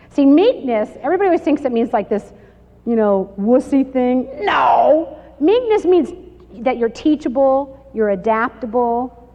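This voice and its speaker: Animated woman teaching in an echoey hall. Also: on the high side. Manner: animated, laughing, acts out little quoted exchanges. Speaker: Bible study speaker. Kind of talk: lively Bible study talk to women. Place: large hall with audience. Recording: muffled 1990s video recording in a reverberant hall.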